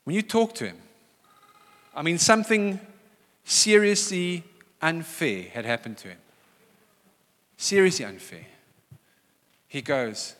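A man's voice: fairly high pitch, expressive, slow, pauses often, fairly bright tone. A middle-aged male pastor preaching a sermon, emphatic and repeating key phrases for weight. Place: church hall. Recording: church hall reverb.

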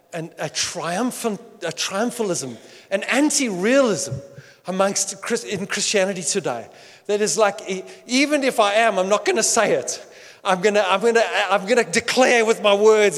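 A pastor preaches a sermon in a large hall with a high voice, animated and playful, acting out quoted voices amid bursts of laughter and shouting.

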